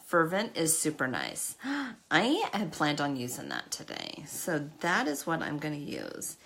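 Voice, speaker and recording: Casting: woman host on a makeup livestream, lowish voice with a lively pitch, chatty and emotional, webcam sound. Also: unhurried, vocal fry. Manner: chatty, emotional, self-deprecating, talks to viewers by name. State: tearful at times. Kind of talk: casual live makeup chat.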